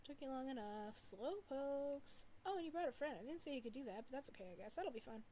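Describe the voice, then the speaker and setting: A woman's voice: high-pitched, expressive, a little fast, warm tone, a little hiss or hum. A woman voicing a petulant, childish forest tree spirit who talks in a whiny, sing-song, taunting way.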